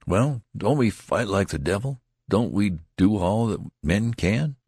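A man voicing a brash young soldier who talks in rustic dialect and complains loudly. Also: lowish voice, very animated, normal speed, creaky, breathy edge, no echo, clean studio sound, voice pushed up, exaggerated voice. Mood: indignant.

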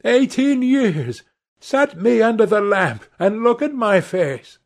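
Man doing Dorian Gray, young gentleman, high-strung. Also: fairly quick, husky. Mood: triumphant. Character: sinister young gentleman, cornered, turns cold and triumphant.

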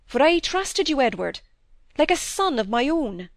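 A woman's voice: sits high, very animated, unhurried, no echo, pitched above the performer's own voice, heavily acted. A woman reading as a wry, stern country doctor. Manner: wry, then sternly lecturing. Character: dry-witted middle-aged male country doctor, stern.

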